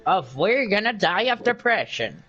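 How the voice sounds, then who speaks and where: A man voicing a creepy, cartoonish male schoolteacher from a game, in a low, slow, menacing drawl. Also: big pitch swings, a bit bright, dull audio, full character voice.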